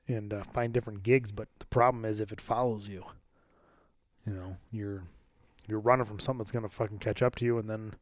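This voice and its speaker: A man's voice: medium pitch, dry recording. A man hosting a podcast, talking casually with a lot of swearing and rambling. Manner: profane, rambling. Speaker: podcast host.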